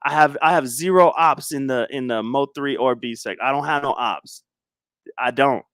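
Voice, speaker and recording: A man's voice: medium pitch, normal speed, fairly bright tone, no echo, clean studio sound. A man hosting a casual livestream, talking in a laid-back, slangy, rambling way with chuckles. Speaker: livestream host.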